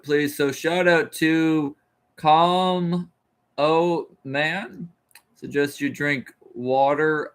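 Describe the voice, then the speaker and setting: A man with an American accent reading a classic text aloud on a livestream in a careful, halting way, stopping to restart on hard words and talking casually to viewers between passages. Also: mid-range voice, fairly bright tone, smooth.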